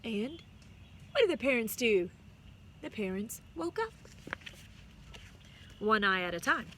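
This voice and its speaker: Animated woman reading a storybook aloud. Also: on the high side, a little hiss or hum. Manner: animated, pauses to explain words to children. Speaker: music teacher reading to her students. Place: outdoors on a chilly day.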